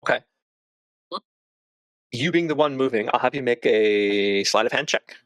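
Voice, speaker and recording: A man's voice: mid-range voice, normal speed, a bit bright, smooth, no room sound. A man narrating as game master of a tabletop game, loose and searching for his words.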